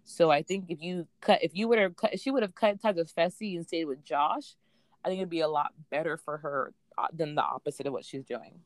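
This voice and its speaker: A low-pitched woman talks in a casual, opinionated way and acts out what other people said. She sounds close and dry, with no room around her. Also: brisk, no echo. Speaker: podcast co-host. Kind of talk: casual chat recapping a reality show.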